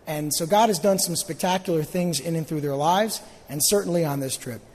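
A man, a pastor, earnestly introducing a guest speaker to the congregation, halting now and then with fillers. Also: a little high, darkish tone. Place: church sanctuary. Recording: long church hall reverb.

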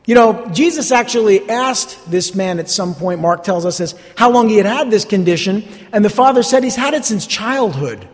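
A man's voice: high voice, lively intonation, normal speed, few pauses. A man from North Jersey with a New Jersey accent, preaching a sermon in a conversational way with sarcastic asides and repeated words. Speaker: pastor. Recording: long hall reverb.

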